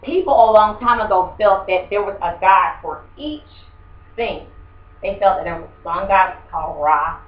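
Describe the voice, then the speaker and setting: A woman teacher with a medium-pitched voice speaks at a normal speed, giving a rambling, conversational lesson and quizzing her class. The recording is muffled and echoey, captured from far off in the room.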